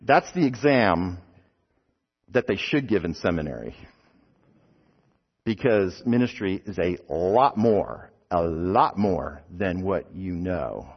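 A man's voice: low-pitched, expressive, slow, long pauses, slightly rough. A man preaching a sermon, telling stories with rhetorical questions and light asides, in a dull recording with a long hall echo.

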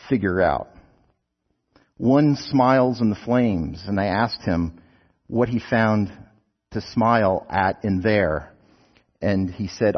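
A man's voice: on the low side, breathy edge. A man preaching a sermon, telling stories with rhetorical questions and light asides, in a dull recording with a long hall echo.

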